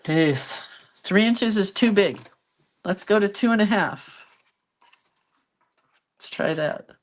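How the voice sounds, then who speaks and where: A woman's voice: mid-range voice, lively intonation, takes it slowly. A middle-aged woman chatting casually to viewers while she works on a craft project, chatty and self-deprecating. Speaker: craft vlogger.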